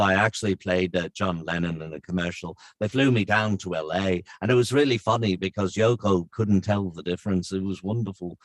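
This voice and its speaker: A middle-aged man, a voice actor, telling stories in an animated, chatty way with plenty of fillers. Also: sits low, fairly quick, hardly any pauses, dry recording, clean studio sound. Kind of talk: anecdotal storytelling.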